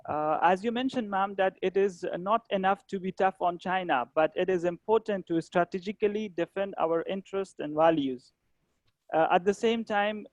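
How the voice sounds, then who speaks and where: A man's voice: sits high, darkish tone, dry recording. A young man from Afghanistan asking a panel a question, formal and polite. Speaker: audience questioner. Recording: dry, dull lo-fi call audio.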